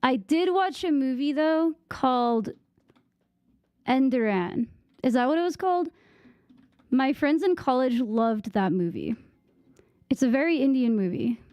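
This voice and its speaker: A woman's voice: high-pitched, expressive, measured pace, pauses often, smooth, no echo, dull audio. A young American woman chatting casually with viewers on a game stream, giggling and trying out bits of French. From United States.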